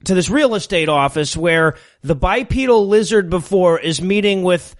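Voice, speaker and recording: A man with a fairly high voice walks through a bad movie's scenes as a podcast co-host. He swears freely and laughs often while he recaps. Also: lively intonation, normal speed. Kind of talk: casual comedic movie recap.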